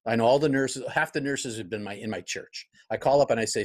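A man's voice: medium pitch, brisk, few pauses. A middle-aged pastor, a guest in an interview, telling a personal story in a reflective way, acting out his own past thoughts and often restarting his sentences.

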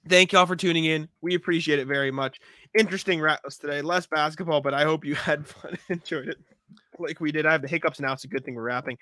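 A man's voice: a little high, sharp tone, no echo, clean studio sound. A man co-hosting a sports podcast in casual chat, talking loosely and laughing often. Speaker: podcast co-host.

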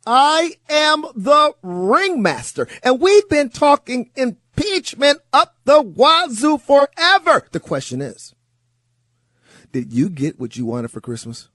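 A man fills in as a talk radio host and runs an animated monologue full of stories and mocking asides. His voice sits high and swings widely in pitch. The mic is close and dry. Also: takes it slowly, dry recording. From United States.

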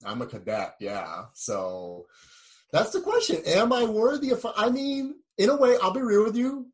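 A man speaking casually as an actor being interviewed, with a baritone voice and a relaxed, filler-heavy way of talking. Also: moderate pace. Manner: laid-back, frequent "like" fillers, jumps up in pitch when animated.

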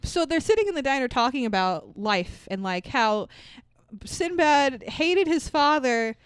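Woman podcast co-host, casual movie recap, smooth clear voice, dry close sound, swears and laughs. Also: high-pitched, big pitch swings, measured pace, no echo. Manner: sweary, laughing, acts out characters' lines.

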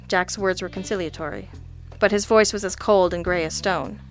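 A woman's voice: lowish voice, moderate pace. Woman, audiobook narrator, dry, wry, detective story, faint music under.

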